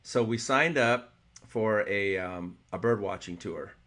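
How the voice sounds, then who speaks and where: A man co-hosting a podcast, telling an animated, rambling travel story with laughs and restarts. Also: fairly low pitch, slow. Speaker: podcast co-host. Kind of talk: casual storytelling chat.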